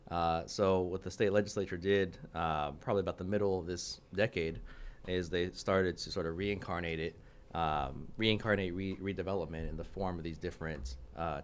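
A man's voice: sits low, clean tone. A young man from California, a city council member on a radio show, explaining policy earnestly with many fillers and restarts. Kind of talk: radio interview. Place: radio studio.

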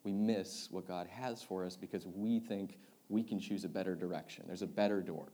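Young male youth pastor, sermon storytelling; lively, animated delivery, loud in the funny parts, hushed in the serious ones. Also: low voice, moderate pace. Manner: animated storyteller, swings loud and excited then quiet and earnest.

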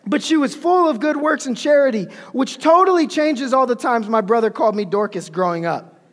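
A man preaching in a casual, animated way, retelling a story with slang and asides. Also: very high voice, a little fast. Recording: long hall reverb.

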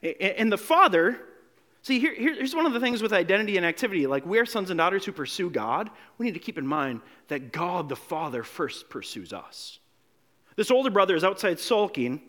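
A male pastor delivers a sermon in a fairly high voice that rises and falls widely. He acts out the voices in the passages he reads and swings from loud to hushed. He often stumbles and repeats a word before pressing on. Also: big pitch swings, brisk. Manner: repeats words when restarting.

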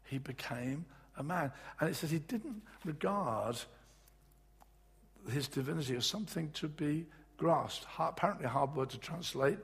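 A man preaching a sermon in an earnest, halting way with many restarts, his voice just back after being lost. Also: mid-range voice, slightly rough. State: voice recovering from loss. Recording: echoey hall.

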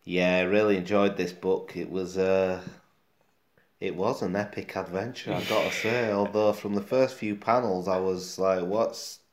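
A man with a Yorkshire accent chatting casually about comics as a co-host, relaxed and full of fillers. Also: sits low, normal speed. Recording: roomy echo.

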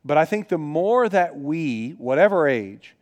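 A man's voice: a little high, very animated, a little slow. A middle-aged man preaching a sermon as a pastor, telling personal stories in an earnest, conversational way with frequent restarts.

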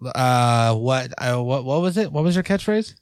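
A man's voice: medium pitch, animated, moderate pace, clean tone, no room sound. A man in his thirties co-hosting a casual comedic podcast, playful and hesitant with lots of fillers. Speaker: podcast co-host.

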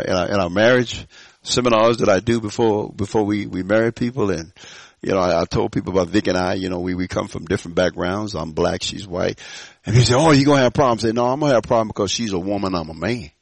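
A man preaching a sermon to a church, swinging between loud rising calls and quiet low asides, with frequent stammering restarts. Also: vocal fry, no room sound. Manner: preaching with sudden loud rises and soft drops. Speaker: pastor.

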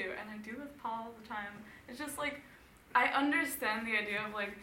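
A woman's voice: fairly high pitch, fairly quick, sharp tone. A young woman in casual group chat, talking in an enthusiastic, emphatic way. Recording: echoey room, faint noise.

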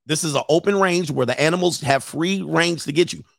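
Guy hosting a reaction stream, gravelly, kinda high voice, blunt and animated. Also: brisk, no room sound, studio quality. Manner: blunt, animated storytelling with put-on quotes and laughs. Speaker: host. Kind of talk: casual reaction stream commentary.

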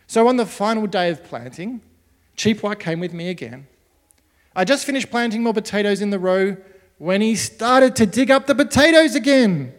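A man telling a story for children in a gentle, expressive, unhurried way. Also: sits high, in a large hall.

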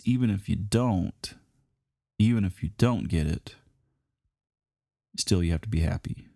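A man giving a Bible lesson in a conversational, unhurried way, with frequent fillers and restarts. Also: sits low, vocal fry, darkish tone, no room sound, studio quality. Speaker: preacher.

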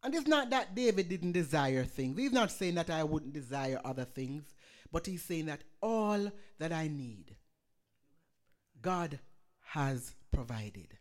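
A woman pastor preaching a sermon with passion, swinging between loud calls and hushed prayer. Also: fairly low pitch, sing-song, measured pace, faint music behind.

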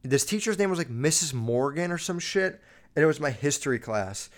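A man's voice: on the high side, expressive, a little fast. A young man hosting a podcast, telling rambling, crude stories about his school years and swearing constantly. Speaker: podcast host. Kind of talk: casual storytelling monologue.

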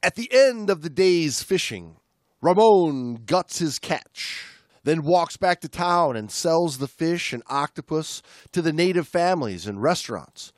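Animated man reading a story, dry mic. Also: a little high, a little slow, no room sound. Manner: animated storyteller, dramatic emphasis. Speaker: podcast co-host. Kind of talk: casual chat and reading a story aloud.

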